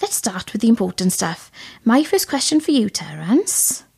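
A woman's voice: on the high side, sing-song, normal speed, gravelly, a little mellow, breathy edge, exaggerated voice. A woman playing Sal, a gushing, over-polite female detective.

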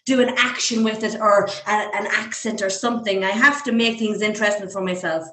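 A woman with an Irish accent, telling stories in casual chat, animated and laughing often. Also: medium pitch, a little fast, reverberant, slight background noise. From Ireland. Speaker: guest.

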